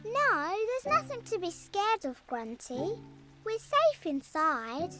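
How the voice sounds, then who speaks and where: A woman voicing a cheerful, brave young girl in a children's cartoon, gentle and reassuring, with loud music behind her. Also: very high voice, sing-song, slow, exaggerated voice. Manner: gentle, soothing, sings a chanting rhyme. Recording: music playing loudly behind.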